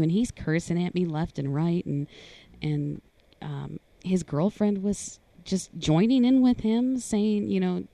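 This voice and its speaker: A woman telling a hard personal story in a conversation, earnest and halting. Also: mellow, no echo. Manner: earnest, halting, rises in pitch when voicing others. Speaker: guest sharing personal story.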